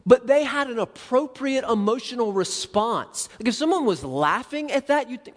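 Man, pastor, conversational sermon, higher-pitched, long hall reverb. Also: moderate pace. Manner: conversational, animated preaching with acted-out asides.

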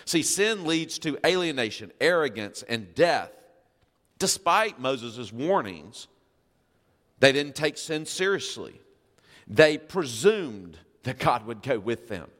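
A man's voice: medium pitch, big pitch swings, slow pace, fairly bright tone, big-room sound. A male pastor preaching a sermon, reading scripture and asking the congregation questions with emphasis.

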